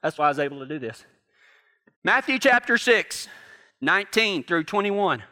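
A man's voice: high-pitched, big pitch swings, moderate pace, sharp tone. A middle-aged man preaching a sermon, telling folksy stories and joking with his congregation. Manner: folksy storytelling, jokes with the congregation. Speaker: pastor.

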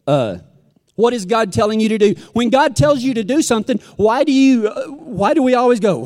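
A man's voice: extremely high pitch, big pitch swings, moderate pace, a little mellow. A Texan man preaching a sermon, folksy and full of stories, acting out what people say. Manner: folksy, storytelling, acts out quotes. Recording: long hall reverb.

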